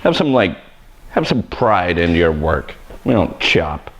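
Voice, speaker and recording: Joking, gravelly-voiced hairstylist man. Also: low voice, big pitch swings, slow pace. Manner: joking, self-deprecating, rambling. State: sweaty. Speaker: hairstylist host. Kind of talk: live haircutting tutorial chat. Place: hair salon education studio.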